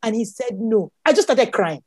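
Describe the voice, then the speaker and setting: A woman's voice: on the high side, animated, normal speed, darkish tone. A woman with a Nigerian accent, a guest animatedly telling a personal story. She exclaims often and laughs as she talks.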